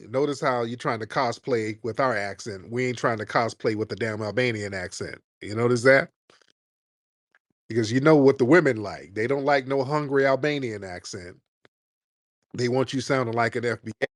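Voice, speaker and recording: A man's voice: medium pitch, dry recording, studio quality. Combative, mocking male stream host. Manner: combative, mocking, rapid-fire insults. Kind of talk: live call-in stream debate.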